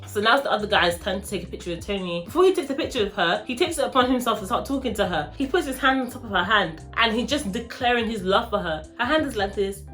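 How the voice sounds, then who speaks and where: A woman vlogger telling a story in a dramatic, animated way. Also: mid-range voice, quick pace, few pauses, soft background music. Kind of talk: storytime vlog.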